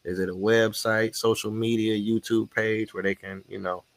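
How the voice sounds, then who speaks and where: A man's voice: on the low side, level tone, moderate pace, dry recording. A man hosting a podcast interview, laid-back and slangy, encouraging his guest. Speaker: podcast host. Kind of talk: casual interview chat.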